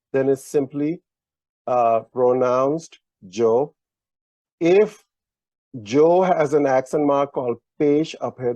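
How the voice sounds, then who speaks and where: Man, language teacher, warm dark voice, dry muffled recording. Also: mid-range voice, dry recording. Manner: patient, halting, with many fillers and restarts. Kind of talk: slow explanatory lesson. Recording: dull lo-fi online lesson audio.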